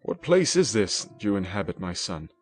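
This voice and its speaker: A man reading the lines of a gentle, grieving older father in a classic audiobook, soft and sorrowful. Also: on the low side, sing-song, moderate pace, slightly rough, soft background music. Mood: mournful.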